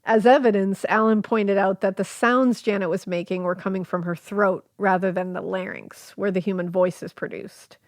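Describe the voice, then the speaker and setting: A woman's voice: mid-range voice, animated, normal speed, hardly any pauses, no room sound, studio quality. A woman hosting a casual storytelling podcast, reading quotes and chatting with fillers and easy laughs. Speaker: podcast host.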